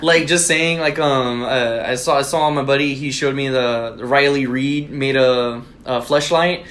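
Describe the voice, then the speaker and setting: A man co-hosting a podcast, chatting crudely and casually, telling animated stories. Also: a little slow. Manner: animated storyteller, mimics his mom in high voice. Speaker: podcast co-host.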